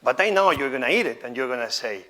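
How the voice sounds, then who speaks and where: A chef who learned English as another language talks through a live cooking demo with theatrical exclamations, then shifts to a chatty, open tone. His mid-range voice is pushed and bright, with lively intonation and a quick pace.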